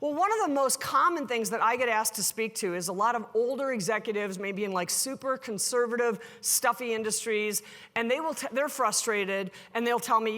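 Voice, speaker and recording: A woman delivers a conference keynote in a bright, forceful voice that sits a little high. She is animated and joking, and she acts out the people she quotes. Her voice rings through a large hall with a long reverb. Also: brisk. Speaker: keynote speaker.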